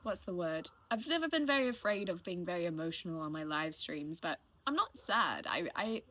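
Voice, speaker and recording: A woman in her late twenties chats casually with her stream viewers, rambling and full of thanks. Her lowish voice is expressive and a bit bright, moving at a moderate pace through this heartfelt live-stream talk.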